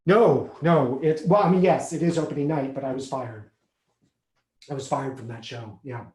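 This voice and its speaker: A man playing an anxious recovering alcoholic on the phone to his sponsor, halting and stammering as he repeats himself. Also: medium pitch, a little mellow, close to an everyday voice. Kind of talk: stage monologue acting. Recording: echoey room.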